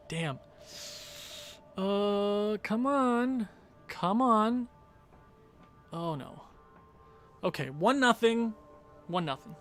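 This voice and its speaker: A gaming streamer commentates his own hockey video game live, groaning and cheering at each goal as he loses his voice. His voice is fairly high pitched with a fairly bright tone and is wearing out.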